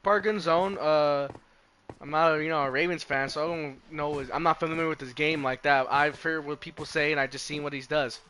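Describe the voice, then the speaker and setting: A man's voice: fairly high pitch, fairly even intonation, brisk, sharp tone, a little hiss or hum. Profane rambling young male streamer. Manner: profane, rambling, self-interrupting. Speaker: live streamer. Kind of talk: casual live-stream chat about football.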